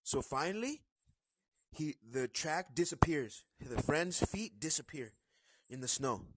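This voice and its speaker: A man with a slightly high voice hosts a casual live stream. He tells a story with animated energy and acts out the characters' lines. The sound is dry and close to the mic. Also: a little slow, slightly rough, no room sound, rough recording.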